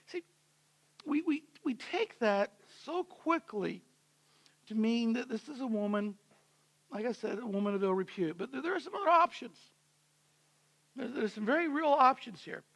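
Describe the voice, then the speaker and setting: A man's voice: very high-pitched, lively intonation, normal speed, creaky, long pauses, fairly bright tone. A man preaching as senior pastor in a church, telling the story conversationally and acting out the characters' voices. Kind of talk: sermon.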